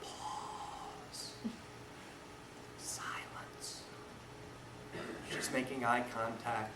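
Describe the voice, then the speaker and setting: A man, a defense lawyer, teaching a seminar with animated storytelling, acting out scenes and swinging between loud and hushed talk. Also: a little high, normal speed, crowd noise. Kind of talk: lecture with storytelling. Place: lecture room. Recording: echoey room, far mic, noisy.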